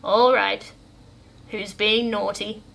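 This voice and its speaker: A woman voicing a tall, stern but fond male caretaker, speaking slowly in a deep voice with an accent. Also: flat delivery, vocal fry, a bit bright, exaggerated voice. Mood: scolding.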